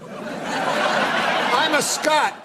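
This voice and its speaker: A middle-aged man, a talk show guest, telling a long, meandering joke deadpan. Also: extremely high pitch, very slow, very noisy. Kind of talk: rambling joke storytelling.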